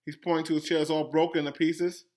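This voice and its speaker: A male school principal reads a children's story aloud, breaking in with lively, gasping, teacherly asides to his young pupils. His voice sits fairly high and he talks quickly.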